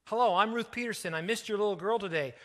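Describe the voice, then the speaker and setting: A weary woman in her forties, worn down by grief, as a man puts her on. She speaks curtly and tiredly, close to the storyteller's own slightly high voice. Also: fast talker, bright, forceful tone, long reverb tail. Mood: polite. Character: weary, grieving middle-aged woman.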